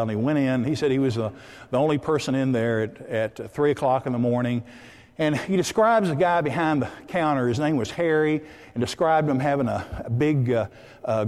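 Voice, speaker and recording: Man preaching a story-driven sermon in a reverberant hall. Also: mid-range voice. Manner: animated storyteller acting out quoted voices.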